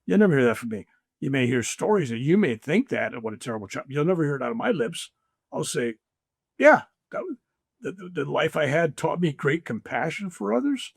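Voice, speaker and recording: The man's voice is a little high and a little fast, husky with vocal fry, recorded in studio quality with no echo. An older spiritual teacher, he's a guest storyteller in a conversation, lively and acting out the voices he quotes.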